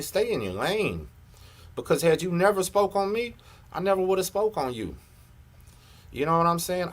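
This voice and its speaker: A man's voice: a little high, a bit bright. A middle-aged man, hosting a live reaction and ranting at a rival, confrontational and profane. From Texas. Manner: confrontational, profane, repeats "you know what I'm saying". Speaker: host of a prison story channel. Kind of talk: heated live reaction rant.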